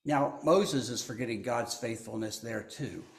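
A man's voice: medium pitch, reverberant. A man preaching a sermon, reading scripture and adding asides to the congregation. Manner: slow, deliberate delivery with asides to the congregation.

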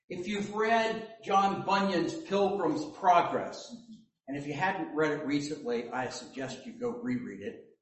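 A man preaching a sermon as pastor, slow and deliberate, with joking asides. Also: medium pitch, a bit bright. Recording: echoey hall, mic at a distance.

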